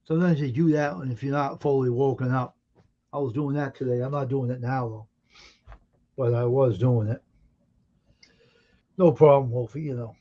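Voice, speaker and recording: A man's voice: medium pitch, steady tone, normal speed, pauses often, dark tone. A man hosting a casual live stream, sleepy and yawning, grumbling about the weather. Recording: dull lo-fi stream audio.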